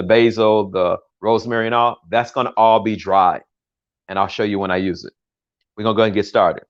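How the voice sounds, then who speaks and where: An older American man walks viewers through a recipe in his home kitchen, chatting loosely, correcting himself and cracking small jokes. His voice sits at a middle pitch. The livestream audio is a little dull and lo-fi. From United States. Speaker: home cook hosting a livestream. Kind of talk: casual cooking demonstration.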